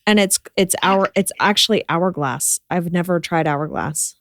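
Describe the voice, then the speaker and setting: A woman's voice: fairly low pitch, moderate pace, a bit bright, no echo. A woman co-hosting a casual chat podcast, chatting her way through beauty products. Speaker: podcast co-host.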